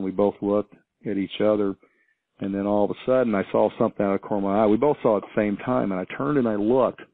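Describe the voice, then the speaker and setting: Over a tinny, dry phone line, a man from a small farm town calls in to a radio show and tells a story casually, rambling and hesitating with many restarts. His voice sits on the low side.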